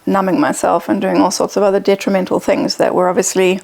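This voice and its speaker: A woman's voice: medium pitch, level tone, fast, creaky, darkish tone. Zimbabwean woman, podcast guest, candid and reflective, mid-range voice. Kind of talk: casual podcast chat.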